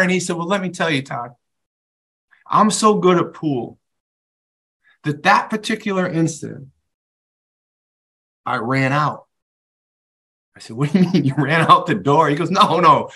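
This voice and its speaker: An animated male storyteller with a high, bright voice, hosting a podcast. He tells a story at a quick clip and plays out both sides of the conversation. His tone is forceful and ringing. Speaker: podcast host and author. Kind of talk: storytelling to a co-host.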